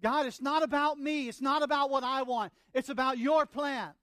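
A preacher voicing Jesus in an earnest, pleading tone within a sermon. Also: male voice, extremely high pitch, steady tone, moderate pace, bright, forceful tone, dry recording, clean studio sound, voice pushed up. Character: calm, selfless adult male Jesus.

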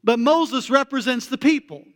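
A male pastor preaching a sermon in a conversational way, with casual slang, moving between hushed and emphatic delivery. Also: very high voice, normal speed, in a large hall.

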